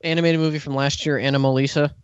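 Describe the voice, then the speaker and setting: A man co-hosting a podcast with a slightly high voice, cracking sarcastic jokes in casual chat. The sound is dull and dry, somewhat lo-fi. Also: little pitch movement, quick pace, clean tone, no echo. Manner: joking, sarcastic. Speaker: podcast co-host.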